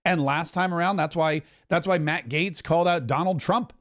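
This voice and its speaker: Middle-aged man, podcast host, live commentary, slightly higher voice, chatty and wry. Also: fairly bright tone. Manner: chatty, wry, quick asides. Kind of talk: live commentary over a broadcast.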